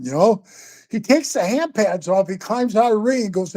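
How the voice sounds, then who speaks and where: A man's voice: sits high, fast talker. Guy in his 60s telling stories, swears a lot, bro this bro that. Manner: profane, animated, says bro and man a lot. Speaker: guest storyteller. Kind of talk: casual storytelling.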